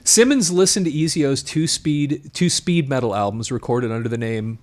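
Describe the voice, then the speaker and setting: A man's voice: mid-range voice, moderate pace. Man reading an old article aloud. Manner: reads quotes then breaks off to comment, animated asides. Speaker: podcast co-host.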